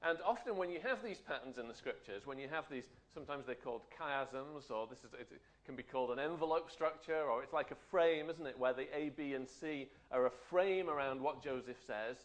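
A man's voice: mid-range voice, fairly quick, few pauses. A man teaching a Bible study in a conversational way, often checking in with tag questions.

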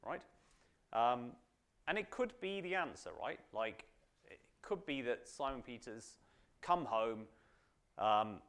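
A man's voice: mid-range voice, expressive, slow pace, pauses often, fairly bright tone, clear, resonant tone. A man teaching a Bible study to a small group in an informal, chatty way, full of "um"s and "right?"s. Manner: chatty, frequent fillers and tag questions.

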